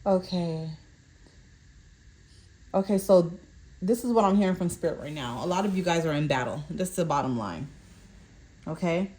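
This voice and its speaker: Her voice is on the low side and darkish, expressive, at a moderate pace with frequent pauses. As a tarot reader giving a collective fortune card reading, she reads out what the cards mean, stumbles over words, and repeats "okay?" to check in with viewers.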